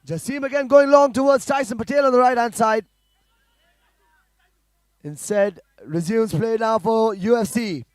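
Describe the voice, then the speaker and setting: In clean studio sound with no room echo, an extremely high-voiced man does live football play-by-play. He calls the passing at speed and climbs to shouts whenever someone scores.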